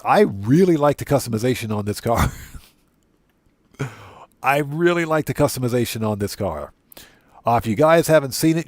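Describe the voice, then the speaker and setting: A man streams a game while chatting casually to his viewers, repeating his points for emphasis. His voice sits at a middle pitch with a darkish tone, and the recording is dry and close with no room sound.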